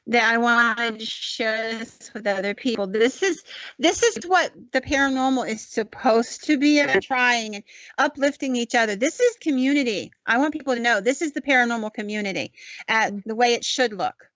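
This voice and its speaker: A woman's voice: on the high side, moderate pace, fairly bright tone, no room sound, lo-fi sound. A woman telling stories enthusiastically in a casual podcast chat. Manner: enthusiastic storyteller. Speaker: paranormal researcher guest.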